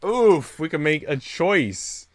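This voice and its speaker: A man streaming himself reading a visual novel aloud, expressive and reacting out loud between lines. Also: fairly high pitch, slow pace, a little hiss or hum. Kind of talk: dramatic read-aloud with commentary.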